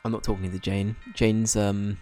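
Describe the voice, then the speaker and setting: A young man with a fairly low voice, chatting casually as he streams a game. He cracks jokes at his own expense and throws in quick asides. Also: little pitch movement, dark tone, faint music behind. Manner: joking, self-deprecating, quick asides. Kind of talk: casual gaming commentary.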